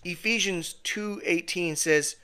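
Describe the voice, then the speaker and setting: A man teaching a Bible passage to a small home fellowship, unhurried and conversational. His voice sits a bit high for a man, and he keeps checking that his listeners are following along. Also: pushed and bright, clear, resonant tone. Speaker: Bible study leader. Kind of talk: informal sermon teaching.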